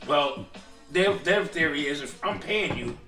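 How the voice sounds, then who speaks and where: A man co-hosting a casual chat show, animated and profane, often restarting his sentences. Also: a little high, measured pace, echoey room, far from the mic, over music. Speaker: podcast co-host.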